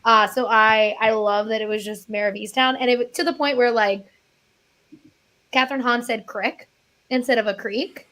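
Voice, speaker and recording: A woman's voice: on the high side, fairly even intonation, moderate pace, fairly bright tone. A woman from Pennsylvania with a Pennsylvania accent, a guest critic chatting enthusiastically and laughing mid-sentence. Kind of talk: casual chat.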